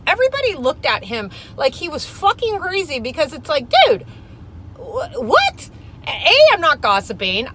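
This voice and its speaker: Animated, profane woman ranting casually. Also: on the high side, a little hiss or hum, poor audio. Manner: profane, animated storytelling with shouted outbursts. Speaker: vlogger. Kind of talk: casual rant.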